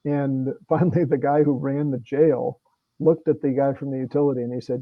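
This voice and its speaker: A man's voice: mid-range voice, fairly even intonation, normal speed, no room sound. Middle-aged guy, earnest plain talk, lots of restarts, muffled lo-fi call audio. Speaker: congressman guest. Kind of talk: conversational talk at a virtual meeting.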